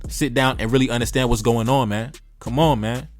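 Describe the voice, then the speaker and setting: A man's voice: mid-range voice, fairly even intonation, fairly quick, no room sound, faint music behind. A man hosting a commentary channel, lecturing his audience in an emphatic, repetitive, preachy way. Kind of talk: preachy direct-to-camera commentary.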